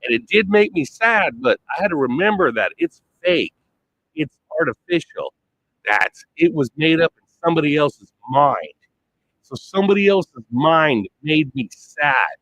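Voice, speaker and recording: A man's voice: fairly high pitch, very animated, measured pace, a bit bright, slight background noise, rough recording. A man rambling through a blunt, profane monologue, swearing constantly and trailing off before picking his thread back up. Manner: wandering, trails off and restarts.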